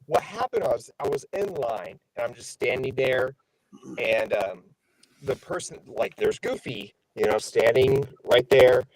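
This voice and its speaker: A man chatting as a guest on a video call, telling an excited story with many restarts, close to a slightly staticky mic. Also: mid-range voice, a little slow, rough recording. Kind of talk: casual chat. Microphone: close mic on a video call, some static.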